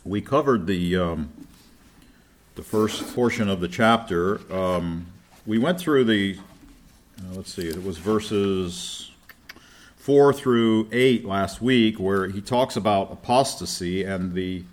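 Guy teaching a bible lesson, kinda low voice, explains stuff and keeps asking the class questions. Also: slow pace, a little hiss or hum. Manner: explanatory, asks listeners rhetorical questions.

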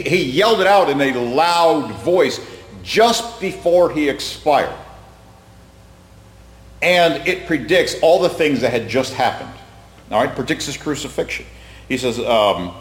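A man teaching a Bible study class in a conversational way, quizzing the group and often repeating his words. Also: mid-range voice. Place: room with a class present. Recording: echoey hall reverb.

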